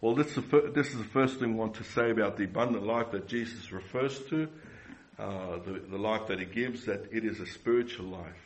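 A man's voice: lowish voice, fairly quick, poor audio. A man preaching a sermon earnestly, repeating phrases and asking the congregation rhetorical questions.

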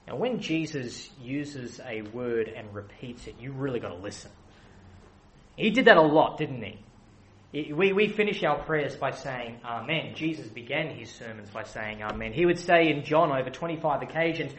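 High-voiced man preaching with rising intensity. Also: expressive, moderate pace, low-quality recording. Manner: dynamic, swings from soft asides to loud emphatic repetition; builds with repeated phrases. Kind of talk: sermon.

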